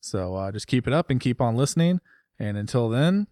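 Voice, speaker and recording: A man's voice: medium pitch, very animated, fairly quick, mellow, dry recording, studio quality. A man co-hosting a motorcycle podcast in casual, rambling chat. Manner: rambling, chatty, laughs often. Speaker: podcast co-host.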